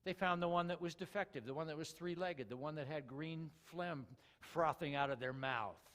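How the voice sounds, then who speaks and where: A man delivers a lively sermon, throwing rhetorical questions to his listeners. His voice sits a little higher than most men's. A long reverb trails behind every phrase, as if he is in a large hall. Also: normal speed. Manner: animated, rhetorical questions to the congregation. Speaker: preacher.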